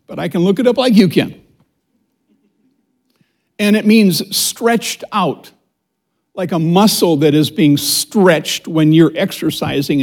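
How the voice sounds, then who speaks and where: A middle-aged man teaching a church Bible study as associate pastor, reading scripture slowly and preaching with calls to the congregation. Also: sits high. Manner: animated preaching with audience call-and-response; reads scripture slowly and deliberately. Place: church sanctuary before a congregation.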